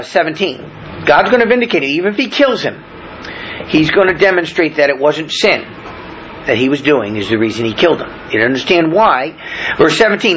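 A man's voice: fairly high pitch, fairly bright tone. A man preaching verse by verse, reading scripture aloud and then explaining it in plain words, with frequent fillers and restarts. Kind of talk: verse-by-verse Bible teaching. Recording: dull lo-fi recording with faint noise.

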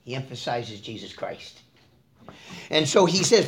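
This man's sermon is casual and conversational, spoken in a sing-song, mid-range voice at a measured pace with long pauses. He questions the congregation directly and alternates between loud, emphatic moments and quiet asides.

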